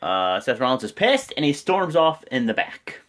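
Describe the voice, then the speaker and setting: A man rambles through a casual wrestling recap in a voice of ordinary pitch. He gets excitable and swears freely as he goes. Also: moderate pace. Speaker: wrestling show reviewer.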